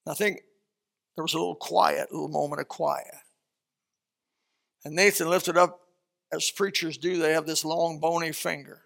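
Male preacher, sermon, lively storytelling, high pitch, bright tone. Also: moderate pace, vocal fry, long pauses. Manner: animated, conversational storytelling.

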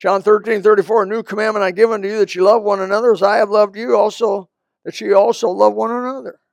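An older pastor preaches in a folksy, conversational way, full of quick asides. His voice sits high for a man and has a gravelly edge. The sound is close and dry. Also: little pitch movement, dry recording. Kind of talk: sermon. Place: church.

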